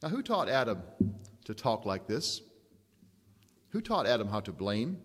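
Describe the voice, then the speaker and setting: A man delivers a sermon at an unhurried, deliberate pace. He leans on emphasis and rhetorical questions, and his voice rings out with the long reverb of a hall. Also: fairly low pitch, very animated, slightly rough. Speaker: preacher.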